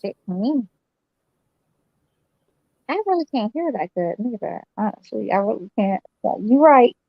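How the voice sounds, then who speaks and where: A woman's voice: mid-range voice, sing-song, unhurried, vocal fry, dry recording, muffled recording. A woman co-hosting a live boxing stream, blunt and slangy, swearing freely. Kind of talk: casual live commentary chat.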